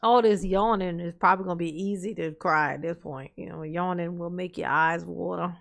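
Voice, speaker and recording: A woman's voice: fairly low pitch, steady tone, a little fast, vocal fry. A woman hosting a reaction commentary, teasing and sassy, laughing often as she mocks what she watches. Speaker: commentary channel host.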